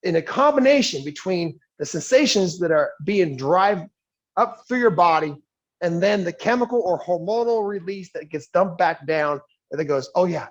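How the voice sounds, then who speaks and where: A man's voice: on the high side, lo-fi sound. A man leading a live workshop as a coach. He talks conversationally, often checks in with "right?", and acts out little scenes in different voices. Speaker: leadership coach. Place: yoga studio.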